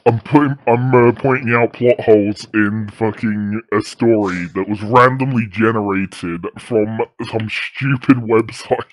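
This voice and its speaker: A man in casual chat, sarcastic and swearing casually, with an effect that pitches his voice lower. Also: unhurried, few pauses, no echo. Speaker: co-host.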